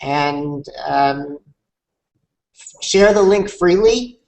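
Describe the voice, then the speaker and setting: A man hosting a conversation, speaking in a measured, thoughtful way with some hesitation. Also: a little high, a little mellow, poor audio. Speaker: host, conversation moderator. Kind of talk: reflective conversation.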